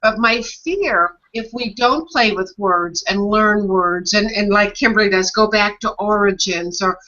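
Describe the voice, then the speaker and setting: Bright, chatty woman co-host. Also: mid-range voice, a little slow. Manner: lively and chatty, enthusiastic about words. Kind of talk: casual chat. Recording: muffled lo-fi audio.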